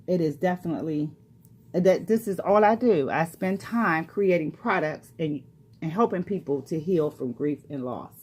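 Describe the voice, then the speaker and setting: A woman's voice: sits low, animated, moderate pace, darkish tone, husky. A retired woman who works as a grief coach, speaking earnestly and personally to the listener and repeating phrases for emphasis. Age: older. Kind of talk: motivational talk to camera.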